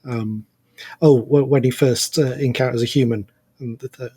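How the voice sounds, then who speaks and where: A man co-hosting an anime podcast, talking in a measured, slightly hesitant way and correcting small details. His voice is mid-pitched with a husky edge. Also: fairly even intonation, mellow. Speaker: podcast co-host. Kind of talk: casual chat.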